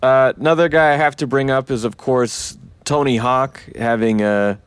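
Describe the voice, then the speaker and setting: A man hosting a casual interview, asking questions in a relaxed, curious way. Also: mid-range voice, normal speed, clean tone, no room sound. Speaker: podcast host.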